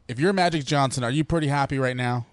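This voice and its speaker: A man's voice: medium pitch, fast, no echo. A man co-hosting a casual sports and politics podcast, steering the talk with questions. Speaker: podcast co-host and producer.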